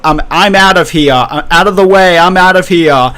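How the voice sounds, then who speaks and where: A man's voice: sits high, moderate pace, fairly bright tone. A man reading out a cowardly fleeing king. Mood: flustered. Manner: casual offhand read-out.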